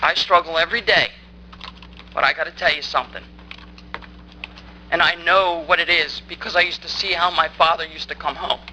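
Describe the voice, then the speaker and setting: A woman stands at a town council meeting and tears into the council, angry, accusing and insistent. Her voice is sharp and strained with force throughout. A faint hiss sits under the recording. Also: deep voice, steady tone, moderate pace, pauses often, poor audio. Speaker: resident speaking at public comment. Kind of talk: public comment at a council meeting.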